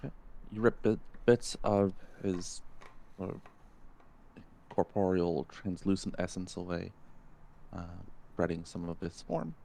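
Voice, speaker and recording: A man runs a tabletop game, calmly describing blows landing with plenty of ums and uhs. His voice sits low. A faint noise runs under the recording. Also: measured pace, creaky, pauses often. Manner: relaxed, descriptive narration with fillers. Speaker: game master.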